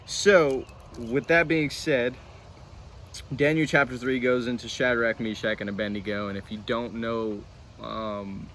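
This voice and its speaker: A man's voice: medium pitch, fairly even intonation, measured pace, fairly bright tone. A man co-hosting a casual Bible discussion outdoors, rambling and self-deprecating with frequent restarts. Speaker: church channel co-host. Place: outdoors near a road. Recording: faint traffic noise outdoors.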